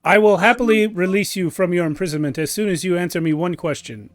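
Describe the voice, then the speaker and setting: A man's voice: high voice, fast talker, no room sound, studio quality, natural voice. A man voicing a haughty male elf who talks grandly and presses with questions. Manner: pompous, grandiose.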